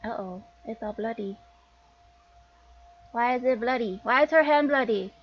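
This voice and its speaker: A woman's voice: on the high side, normal speed. A woman streamer giving casual commentary on a visual novel, chatty and often correcting herself. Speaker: game streamer. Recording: dull lo-fi recording.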